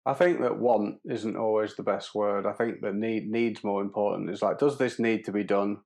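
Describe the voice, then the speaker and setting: Male podcast guest, lowish voice, earnest and philosophical, repeats himself. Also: fairly even intonation, normal speed, creaky, darkish tone. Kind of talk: casual conversation.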